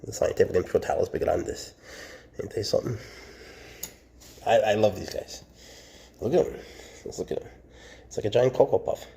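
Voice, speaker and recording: A man with a low, gravelly voice gives a casual show-and-tell about his snakes. He chats and jokes easily and turns soft and tender when he talks to the animals. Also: moderate pace, long pauses. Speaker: snake keeper.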